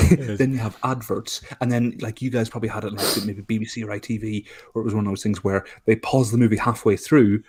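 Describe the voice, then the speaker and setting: A man's voice: lowish voice, fairly even intonation, brisk, hardly any pauses, darkish tone, husky. A man co-hosting a podcast, talking animatedly in casual chat, laughing and swearing often. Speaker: podcast co-host.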